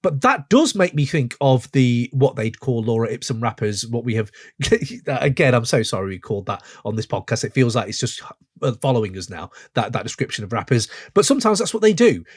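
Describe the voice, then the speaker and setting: A man in his forties hosting a podcast, reviewing a song in an excitable, gushing way full of rambling asides. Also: mid-range voice, brisk. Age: 40s. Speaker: podcast host. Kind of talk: casual music review chat.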